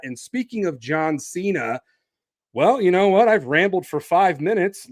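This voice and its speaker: A man hosting his own podcast, talking casually while standing and moving around, with an energetic, promo-style delivery. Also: fairly high pitch, no room sound, clean studio sound. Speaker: podcast host.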